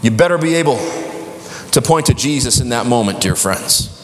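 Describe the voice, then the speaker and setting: A man preaching a sermon as a pastor, emphatic and building to shouted exhortation. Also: mid-range voice, animated, moderate pace, a little hiss or hum. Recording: echoey hall from afar.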